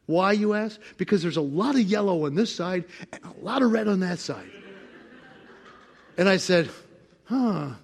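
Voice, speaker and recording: Animated high-voiced male pastor preaching. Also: measured pace, long pauses. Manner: animated, acts out God's voice with laughter. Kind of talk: sermon.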